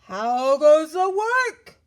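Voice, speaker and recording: A woman voicing a lazy, bossy old male farmer who calls out loudly from his bed. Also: high voice, sing-song, very slow, pitched above the performer's own voice, exaggerated voice. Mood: bossy calling. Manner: loud sing-song calling out.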